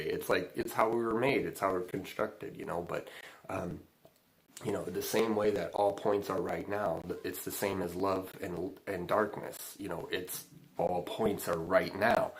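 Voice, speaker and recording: A man hosting a relaxed spiritual chat, with a voice sitting a little low. He rambles, circles back on himself with plenty of fillers, and breaks into easy laughs. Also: low-quality recording. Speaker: spiritual channeling host. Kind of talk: casual livestream chat.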